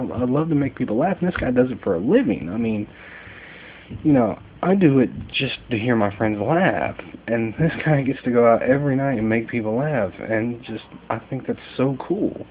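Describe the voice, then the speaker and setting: A man's voice: medium pitch, lively intonation, normal speed, narrow, tinny audio, slight background noise. A young man from Kentucky rambling casually at night from bed, joking and self-deprecating, with lots of fillers. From Kentucky, USA. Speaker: vlogger.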